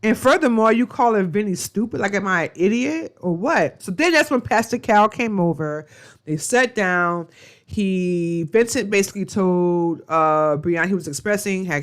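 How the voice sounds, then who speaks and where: A woman's voice: medium pitch, moderate pace. A woman recapping a reality TV episode in a casual, chatty way, with lots of fillers and slang. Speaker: reality TV reviewer.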